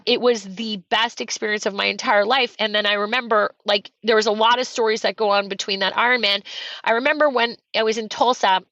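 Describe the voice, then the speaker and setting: A middle-aged woman from Canada, a coach, telling a personal story on a podcast with high energy and fervent emphasis. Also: fairly even intonation, fairly quick, fairly bright tone, no echo, lo-fi sound. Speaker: real estate coach and guest. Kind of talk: emotional storytelling in a podcast interview.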